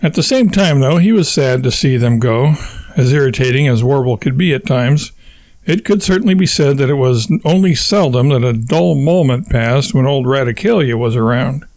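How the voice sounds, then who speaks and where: A man narrates a comic novel with wry, dry timing. His voice sits at an ordinary middle pitch. The room sound is dead and close to the mic. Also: lively intonation, moderate pace, a little mellow, no room sound. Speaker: audiobook narrator. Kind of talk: scripted narration.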